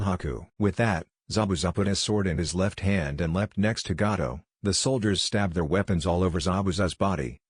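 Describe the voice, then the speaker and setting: A man narrating fan fiction aloud in a steady, even reading manner. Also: sits low, breathy edge, no room sound, clean studio sound.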